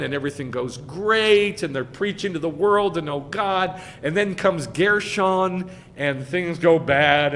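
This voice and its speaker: A rabbi with an American accent preaches in a loose, conversational way, pressing hard on some phrases and dropping low on others. His voice sits a little high for a man. The hall leaves a long tail of reverb, with a faint rumble underneath. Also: creaky. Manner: emphatic, conversational preaching with wide swings in loudness. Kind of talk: sermon. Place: congregation hall.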